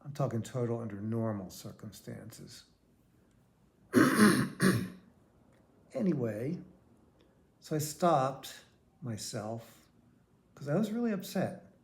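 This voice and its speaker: A man's voice: mid-range voice, expressive, slow, creaky, long pauses, a little mellow. An older man, telling a rambling, candid personal story. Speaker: vlogger.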